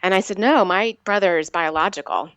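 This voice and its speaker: Low-voiced woman in her forties, earnest. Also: a bit bright, smooth, no echo, dull audio. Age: 40s. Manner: earnest, halting, with frequent restarts. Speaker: interview guest. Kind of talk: personal storytelling in an interview.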